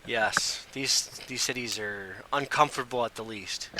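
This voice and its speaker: A man's voice: medium pitch, measured pace, sharp tone, a little hiss or hum. A man playing in a tabletop game, joking and playful. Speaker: player. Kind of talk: casual tabletop play.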